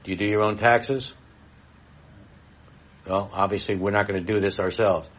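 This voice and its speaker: A middle-aged man with a lowish voice presents at a live expo. He talks in a blunt, folksy way and speaks directly to the people in the room. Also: fairly even intonation, moderate pace, fairly bright tone.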